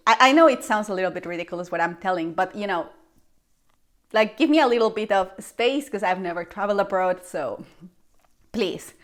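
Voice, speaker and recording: A young woman from Mexico with a Mexican Spanish accent, a Spanish native speaker, telling a casual vlog story and acting out her own reactions with lively exclamations. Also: medium pitch, a little fast. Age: young adult. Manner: animated, acts out her past reactions with exclamations. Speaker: vlogger.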